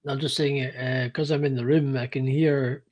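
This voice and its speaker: Male co-host, quiet, rambling, restarts a lot. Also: medium pitch, little pitch movement, moderate pace. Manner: rambling, soft-spoken, full of restarts. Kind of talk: casual chat on a live stream.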